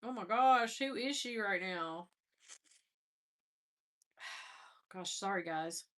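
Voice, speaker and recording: A woman's voice: mid-range voice, animated, very slow, fairly bright tone. A middle-aged woman hosting a casual livestream, chatting and laughing as she scrolls through old photos, her nose stuffy after crying. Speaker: livestream host.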